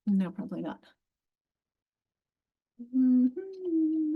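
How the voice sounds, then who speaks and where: A woman's voice: fairly high pitch, normal speed, narrow, tinny audio. A woman presenting a teacher training session on reading and spelling, explaining step by step with frequent restarts and questions to her audience. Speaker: literacy workshop presenter.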